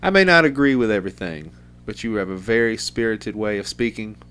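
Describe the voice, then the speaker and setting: A man's voice: on the low side, big pitch swings, a little fast, a bit bright, slight background noise. A middle-aged man hosting a podcast, rambling in a loose, profane, casual way. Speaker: podcast host.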